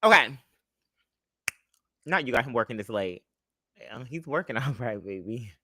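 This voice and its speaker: A young man hosts his own livestream, talking straight to a close mic in a dry room. His delivery is sassy and chatty, with a bright, forceful tone and a voice that leaps all over its range. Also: mid-range voice, moderate pace, no echo. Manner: animated, sassy, chatty, greets viewers. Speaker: livestream host. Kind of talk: casual livestream storytelling.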